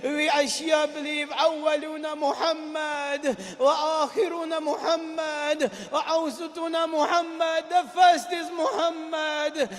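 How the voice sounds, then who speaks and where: Male preacher, very high and steady-toned, chanted lament sermon, long mosque-hall reverb. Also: moderate pace, few pauses. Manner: chanting, rising to shouts. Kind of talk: sung, mournful sermon recitation.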